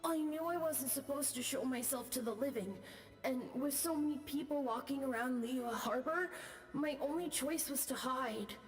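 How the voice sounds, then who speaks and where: A woman voicing a timid, gentle, lost boy ghost in a video game, who speaks softly and apologetically. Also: high voice, moderate pace, natural voice. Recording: game audio with faint music.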